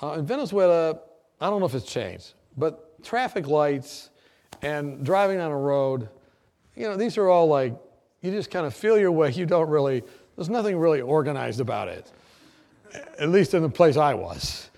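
A man preaching, telling his testimony as a lively story, often laughing and acting out the people in it. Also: fairly high pitch, moderate pace, gravelly. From United States. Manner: animated storyteller, often laughing, acts out shouts.

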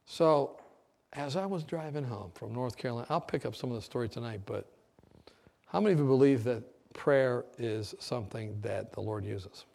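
A man preacher telling his testimony in a sermon, acting out dialogue and halting with fillers. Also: medium pitch, creaky, darkish tone.

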